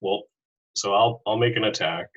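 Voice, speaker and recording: A man playing in a tabletop game, slowly reading out ability rules with hesitation. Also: fairly low pitch, fairly bright tone, breathy edge, muffled recording. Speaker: player.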